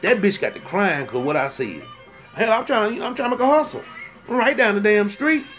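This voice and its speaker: A man ranting in a comic monologue, his voice sitting high and jumping into loud, indignant outbursts. He talks in a profane, rambling way and circles back to repeat his points, with faint music somewhere behind him. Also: lively intonation, brisk. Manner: profane, heated and rambling, repeats himself for emphasis. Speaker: storyteller ranting to camera.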